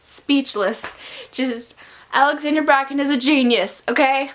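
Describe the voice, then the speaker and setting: A woman giving a casual book review in her vlog, talking as a gushing, excitable fan. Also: high voice, unhurried, slight background noise.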